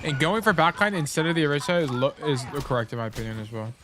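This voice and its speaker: A man's voice: a little high, expressive, quick pace. A man coaching a player through a casual gameplay review, blunt, swearing freely and often correcting himself while he eats. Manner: talks while eating. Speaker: game coach.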